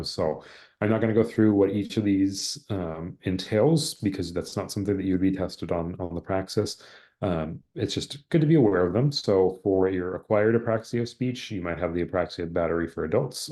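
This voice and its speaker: A man with a very low, deep voice gives an online lecture over a video call. He explains things conversationally and reads example sentences aloud to show them. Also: normal speed, mellow. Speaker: exam prep presenter.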